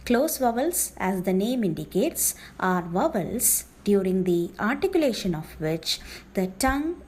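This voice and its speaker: A woman gives a phonetics lesson at an unhurried pace. Her pitch rises and falls a lot as she stresses terms, and she repeats them with care. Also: a little mellow, slight background noise. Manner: slow, careful, repeats key terms. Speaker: phonetics teacher. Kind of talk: explanatory lecture.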